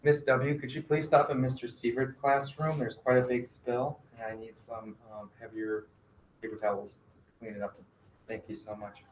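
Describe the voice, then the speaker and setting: A male teacher giving a classroom math lesson, gently directing students and quizzing them with questions. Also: mid-range voice, level tone, moderate pace, slight background noise. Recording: echoey classroom.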